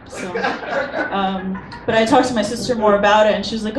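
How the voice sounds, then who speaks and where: A woman's voice: medium pitch, flat delivery, fairly quick. Self-deprecating woman doing stand-up. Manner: self-deprecating, hesitant with many ums. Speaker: stand-up comedian. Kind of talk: stand-up comedy set. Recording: roomy venue from a distance, noisy.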